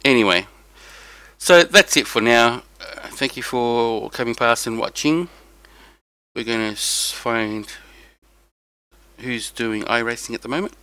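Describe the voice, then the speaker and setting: A man's voice: medium pitch, a little slow, bright, forceful tone, clear, resonant tone, dry recording, poor audio. A tired young man chatting casually to viewers on a live stream, rambling about his race. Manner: rambling, talks to chat viewers. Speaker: sim racing streamer.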